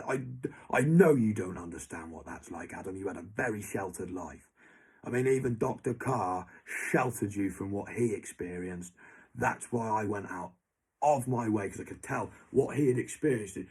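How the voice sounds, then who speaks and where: Husky, ranting young Englishman. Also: mid-range voice. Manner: ranting, heavy swearing, repeats a name. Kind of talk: angry monologue to an absent person.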